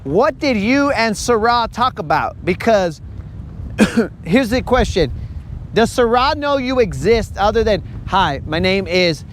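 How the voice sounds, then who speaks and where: A man's voice: extremely high pitch, very animated, a little slow, a little hiss or hum. A man hosting a fishing live-stream outdoors on a lake, chatting playfully and teasing his viewers. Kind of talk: casual live-stream chat.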